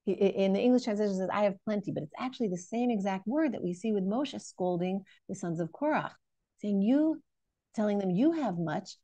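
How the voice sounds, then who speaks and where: Animated woman teaching Torah, gravelly edge. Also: mid-range voice, a little fast, no room sound. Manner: animated, questioning, many fillers and restarts. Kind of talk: online Torah lesson.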